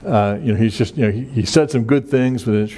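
A man gives a verse-by-verse Bible teaching in a relaxed, conversational voice. He talks in a halting way, with many fillers and restarts. His pitch sits in an ordinary middle range.

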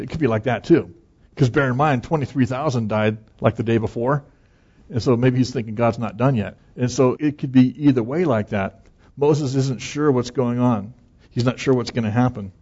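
A man's voice: medium pitch, normal speed, darkish tone, breathy edge, lo-fi sound. A man preaching an earnest, conversational sermon as pastor, chuckling now and then.

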